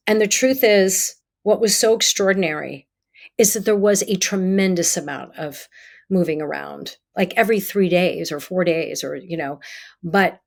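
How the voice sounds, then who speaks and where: A middle-aged woman, a psychotherapist guest in an interview, telling stories in a lively way and acting out quoted dialogue. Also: lowish voice. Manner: animated, acts out quoted dialogue. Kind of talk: conversational interview storytelling.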